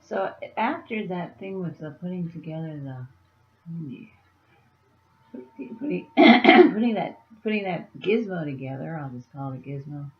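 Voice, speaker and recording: Woman vlogger, deep voice, unhurried meandering talk, lo-fi. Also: sing-song, echoey room. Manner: meandering, soft-spoken to her cat. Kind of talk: casual vlog.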